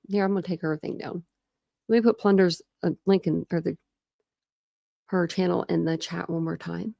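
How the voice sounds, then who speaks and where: A woman's voice: fairly low pitch, gravelly, dark tone, dry recording, clean studio sound. A woman from Ohio hosting a casual true crime live stream, rambling, laughing often and answering chat comments. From Ohio, USA.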